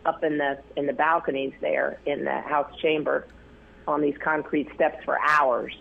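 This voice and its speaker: A man telling stories as an interview guest, rambling with many fillers and restarts, his voice gravelly and husky. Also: on the high side, little pitch movement, measured pace. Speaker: news photographer, interview guest. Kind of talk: casual interview storytelling. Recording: tinny phone line.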